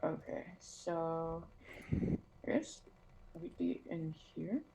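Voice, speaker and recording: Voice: mid-range voice, animated, extremely slow, creaky, dark tone, slight background noise, poor audio. A player in a tabletop game, chatting casually and hesitantly with um fillers.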